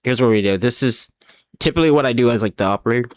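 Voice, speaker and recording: A man's voice: medium pitch, racing, clean tone, no echo. A man streaming a game live, rambling along as he plays, often restarting his sentences and swearing, and a little drunk. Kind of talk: casual live gaming commentary.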